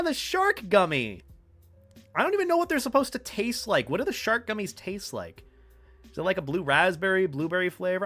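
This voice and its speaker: A man's voice: medium pitch, fairly bright tone. Playful rambling male streamer. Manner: rambling, playful, talks to chat. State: hiccups. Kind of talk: casual live stream chat.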